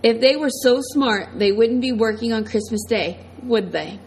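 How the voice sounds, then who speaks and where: A woman's voice: fairly high pitch, moderate pace, darkish tone, a little hiss or hum, close to an everyday voice, poor audio. A woman reading the lines of a controlling ex-convict man turned preacher, in a commanding drawl with a mocking edge. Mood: menacing.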